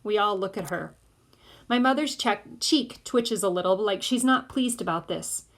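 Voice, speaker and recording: A woman's voice: medium pitch, animated, normal speed. Woman reading a story aloud. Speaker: audiobook narrator. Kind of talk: audiobook reading, first-person boy narrator.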